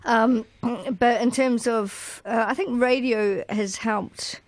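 A woman's voice: a little high, steady tone, slow pace, no room sound. A woman in her forties with a New Zealand accent, chatting thoughtfully and a little hesitantly in a radio studio. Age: 40s. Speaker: radio presenter. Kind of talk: casual studio chat.

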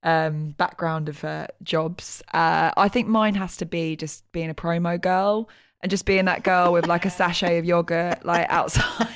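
A woman's voice: fairly low pitch, steady tone, unhurried. A woman comedy writer chatting as a podcast guest, rambling and laughing as she tells stories. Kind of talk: casual chat.

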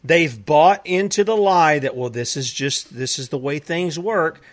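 Man, talk show host, from South Carolina, indignant, higher voice. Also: measured pace. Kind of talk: political talk show discussion.

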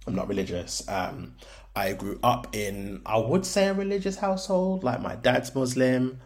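A young man from Birmingham, England, hosts a casual solo podcast in a mid-range voice at normal speed. His Brummie accent drifts toward London, and he talks frankly and chattily, full of ums and likes.

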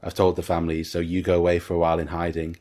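A man with a very deep voice that barely rises or falls talks casually about a film he has watched. He retells scenes in detail and slips into quoting what the characters say. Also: completely flat delivery, racing, warm tone. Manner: recounts scenes at length, acting out lines. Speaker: podcast co-host.

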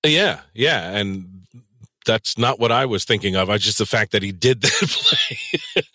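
A man's voice: on the low side, a little slow, no room sound, studio quality. A man hosting a crude, casual podcast chat, swearing and laughing often. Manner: profane, laughs often, animated. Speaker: podcast host and audiobook narrator.

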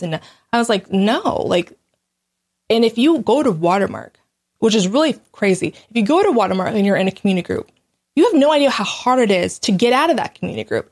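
A woman talking alone in a casual monologue, blunt and candid, recounting things in an animated way, with quick restarts and small laughs. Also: a little high. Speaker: host.

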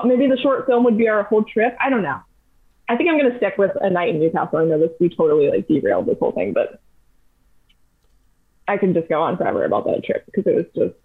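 Podcast guest: chatty young woman, animated storyteller, thin phone-like sound. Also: lowish voice, breathy edge. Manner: chatty, animated retelling with lots of "like". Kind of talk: casual storytelling. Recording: tinny phone-like line.

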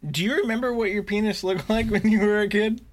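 A man's voice: sits high, steady tone. Laughing man tossing in crude asides. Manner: laughing, swearing, quick asides. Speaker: podcast co-host. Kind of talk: casual chat.

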